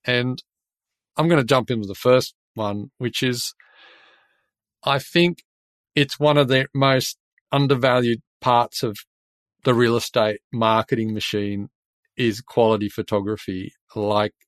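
A man's voice: medium pitch, steady tone, a little slow, pauses often, no echo. Chatty Australian man telling anecdotes. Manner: chatty anecdotal storyteller, laughs often. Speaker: podcast host and builder. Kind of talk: casual podcast chat.

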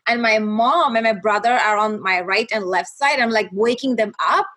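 Earnest, halting woman with higher voice. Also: fairly bright tone. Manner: halting, with many restarts and fillers; earnest and faith-filled. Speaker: guest sharing her testimony. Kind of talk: emotional personal testimony.

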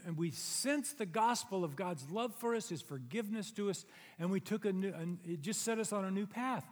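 A middle-aged man with a high voice preaches to his congregation, talking in an earnest, conversational way that swells into emphatic peaks. His words ring out with the long reverb of a big church hall. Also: moderate pace. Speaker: pastor. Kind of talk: sermon. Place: church sanctuary.

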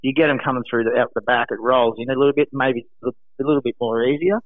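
An Australian man calling in to a radio show from home, telling stories in an animated way, laughing often and acting out quotes. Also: medium pitch, quick pace, no echo. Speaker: guest, former lifeguard. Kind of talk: casual storytelling on a radio call. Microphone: phone. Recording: tinny phone line.

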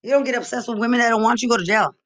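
A woman's voice: fairly high pitch, steady tone, rapid-fire, a bit bright. A woman from Texas delivering an angry, rambling monologue full of repeated accusations and profanity. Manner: agitated, accusatory, repetitive, profane.

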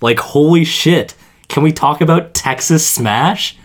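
Excitable, swearing young man. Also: on the high side, a little slow. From Canada. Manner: excitable, swears a lot, bursts into laughter. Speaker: podcast co-host. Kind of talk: casual chat.

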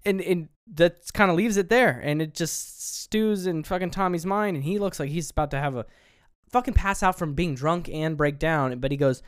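Animated man retelling a film. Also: on the high side, moderate pace, clean tone, no room sound, studio quality. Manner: animated retelling, acts out film lines, swears casually. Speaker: podcast co-host. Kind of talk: casual film review chat.

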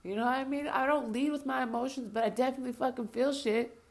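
A woman's voice: high voice, steady tone, fast talker. A woman delivering an impassioned spoken rant, blunt and heavily profane, hammering points home by repeating herself.

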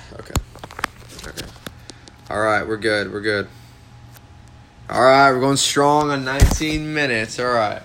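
A man's voice: medium pitch, unhurried, pauses often, a bit bright, slight background noise. A man casually reading a comedy script aloud and tossing in offhand asides.

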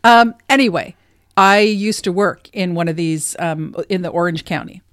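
A woman's voice: on the low side, normal speed, dry recording, clean studio sound. A woman co-hosting a casual podcast chat, laughing often and reading tips aloud from an article. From Southern California. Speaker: podcast co-host.

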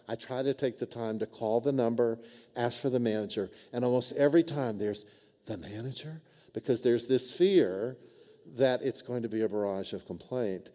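A man preaches in a relaxed, conversational sermon style, often checking in with his listeners. His voice is mellow and mid-pitched, and it rings out with the long reverb of a church sanctuary. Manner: conversational, frequent "right?" and "amen?" asides. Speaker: pastor. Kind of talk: sermon with storytelling.

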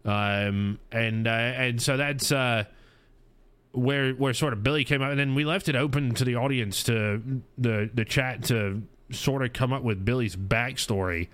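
A man's voice: mid-range voice, unhurried, fairly bright tone, smooth, no room sound. A man in his thirties hosting a casual recap chat about his stream, rambling with lots of fillers and restarts. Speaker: streamer and podcast host.

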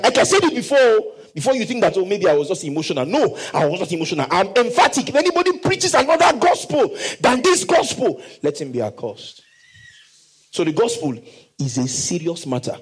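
A man preaching a sermon, reading scripture slowly and emphatically and leading the congregation in call and response. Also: high voice, huge pitch swings, husky, poor audio. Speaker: pastor.

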